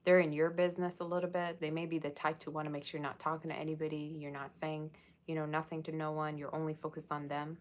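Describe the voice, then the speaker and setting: A woman's voice: sits low, level tone, fast. A woman giving a casual tarot reading, chatting and rambling straight to her viewers. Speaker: tarot reader.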